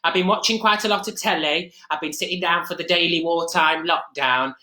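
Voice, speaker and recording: In an echoey room, a performer rambles as Mrs Mabel Green, a chatty, gossiping middle-aged Nottingham woman with an East Midlands accent, through a comic live-stream monologue stuffed with fillers and asides. The natural-sounding mid-range voice is fairly quick, bright and forceful.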